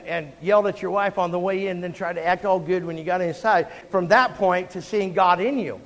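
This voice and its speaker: High-voiced male pastor preaching in a hall. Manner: emphatic, call-and-response preaching. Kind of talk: sermon. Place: church sanctuary. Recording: long hall reverb.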